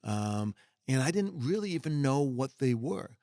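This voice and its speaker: A middle-aged executive mentor speaks as a podcast guest, emphatic and folksy, sometimes acting out other people's voices. His mid-range voice is sing-song and warm at a measured pace, with no room sound in the clean studio recording.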